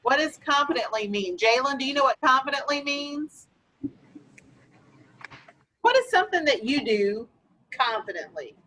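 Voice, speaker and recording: A woman teaching young children in a classroom, patiently asking questions and slowly explaining vocabulary. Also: high-pitched, very animated, pushed and bright, slight background noise, rough recording. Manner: patient, questioning, slow and encouraging. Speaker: elementary school teacher. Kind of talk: classroom lesson.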